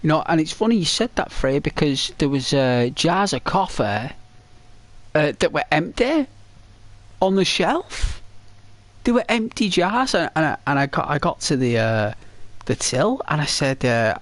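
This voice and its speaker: A man's voice: a little high, lively intonation, moderate pace, no echo. A man streaming a video game, chatting to his viewers in a rambling, chatty way with many restarts. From Britain. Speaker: gaming streamer. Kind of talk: casual chat to viewers while playing.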